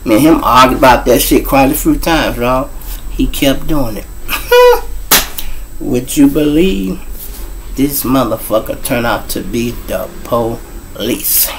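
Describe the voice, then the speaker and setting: A middle-aged Chicago storyteller hosting his show speaks slowly at medium pitch, his voice swinging widely up and down. He tells street stories with animated flair, acting out scenes through voices and sound effects, over a rough recording with a bit of hiss or hum.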